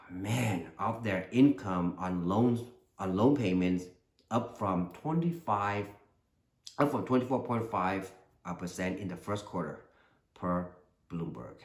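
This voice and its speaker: A man hosting his own channel, talking earnestly in a casual, animated commentary monologue that often repeats itself. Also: low-pitched, reverberant. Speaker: channel host.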